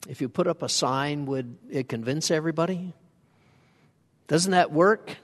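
Male pastor, slightly higher-pitched voice, chatty sermon delivery, long church reverb. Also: a little slow. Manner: conversational, asks the congregation questions. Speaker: preacher. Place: church sanctuary.

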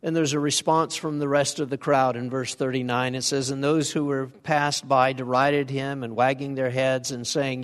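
A man's voice: mid-range voice, fairly even intonation, normal speed, hardly any pauses, big-room sound. A man preaching a sermon in a conversational way, asking his congregation questions as he goes. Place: church sanctuary.

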